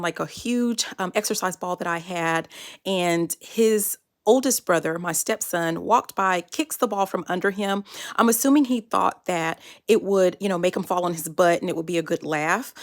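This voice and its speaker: A woman telling a personal parenting story in a casual, chatty way, with many fillers. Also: mid-range voice. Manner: chatty and conversational, with frequent fillers.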